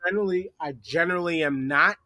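A man's voice: on the high side, fast, pushed and bright, no echo, clean studio sound. A man talking as a podcast guest, opinionated and profane, explaining his view at length. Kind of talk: casual sports chat.

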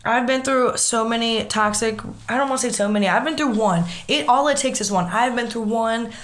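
Female podcast co-host, earnest and candid, slightly high voice. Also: a little fast, a bit bright. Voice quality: earnest, repeats words when emotional. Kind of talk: casual chat.

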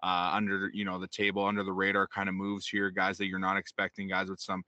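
A man with a low, fairly flat voice that still has a bright, forward edge co-hosts a sports podcast. He talks casually and at length, leaning on fillers as he builds his points. The sound is dry and close, with no room around it. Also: fast, no room sound, highs cut off. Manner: rambling, many fillers like "you know". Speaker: podcast co-host.

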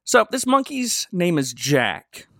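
A man co-hosting a podcast, recapping a short film in casual comedic chat with deadpan delivery and lots of giggling. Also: high-pitched, takes it slowly, gravelly, no echo, studio quality. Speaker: podcast co-host.

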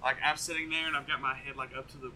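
A man casually telling a rowdy story on a podcast, animated and swearing, laughing often. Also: mid-range voice, fast talker, over a noisy crowd, low-quality recording.

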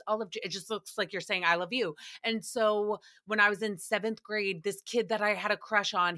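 Bright-voiced woman. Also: mid-range voice. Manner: animated storytelling with playful swearing and mock voices. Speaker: podcast recap host. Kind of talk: casual solo podcast chat.

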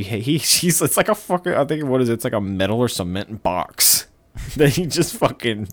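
Podcast guest: a very low-voiced man, profane and rambling, with a dry close sound. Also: dry recording. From United States. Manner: profane, rambling, animated storytelling. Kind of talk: casual chat.

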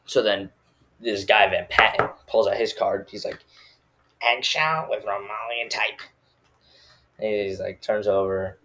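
A man's voice: on the low side, level tone, moderate pace, fairly bright tone. A man casually recapping a movie, rambling and full of filler words.

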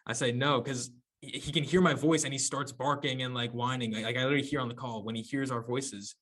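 A man's voice: medium pitch, steady tone, fast, a bit bright. Young man, casual podcast chat, storyteller, laughs at his own jokes, corny humor. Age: young adult. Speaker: podcast co-host. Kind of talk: casual chat among friends.

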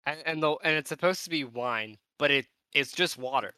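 Bright-voiced male co-host. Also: a little high, normal speed, clean tone, no room sound, low-quality recording. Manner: chimes in briefly, laughs along. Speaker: podcast co-host. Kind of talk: casual movie-review chat.

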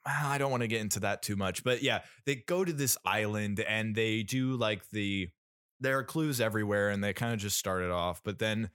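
A man's voice: fairly low pitch, moderate pace, a bit bright, clear, resonant tone, dry recording, studio quality. A man co-hosting a podcast, casually reviewing a film, rambling with many fillers and restarts. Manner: rambling, lots of fillers and restarts, laughs often. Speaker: podcast co-host.

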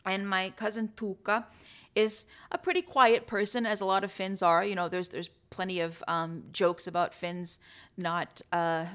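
An American woman hosting a podcast, telling personal stories in a chatty, halting way with many fillers and restarts. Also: mid-range voice, little pitch movement, fairly bright tone, clear, resonant tone. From United States. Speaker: podcast host. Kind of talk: personal storytelling.

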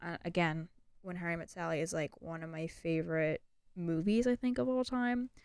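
A young woman co-hosting a podcast in loose, chatty bursts with plenty of "like" fillers. Her voice sits a bit low and sounds smooth and clean. It is recorded close and dry, with no room sound. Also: steady tone, darkish tone, dry recording. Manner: chatty, speaks in quick bursts with many "like" fillers. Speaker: podcast co-host. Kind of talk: casual chat.

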